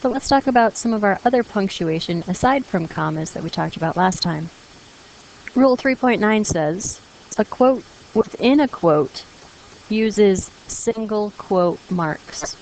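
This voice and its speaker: A woman's voice: medium pitch, expressive, unhurried, gravelly, darkish tone, slight background noise, rough recording. A woman teacher explaining punctuation rules to her class in a patient, encouraging way, reading example sentences aloud. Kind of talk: classroom grammar lesson.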